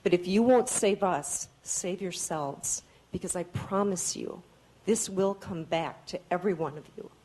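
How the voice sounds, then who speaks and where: A woman's voice: fairly low pitch, measured pace, dark tone, low-quality recording. A woman giving public testimony at a hearing, speaking earnestly and pleading, and she sounds tired. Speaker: public commenter.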